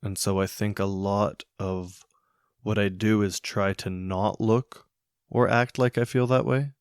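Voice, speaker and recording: A man hosting a solo podcast, thinking aloud in a musing, hesitant way with many pauses and restarts. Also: lowish voice, steady tone, clean tone, dry recording, studio quality. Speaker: podcast host. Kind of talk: reflective solo podcast monologue.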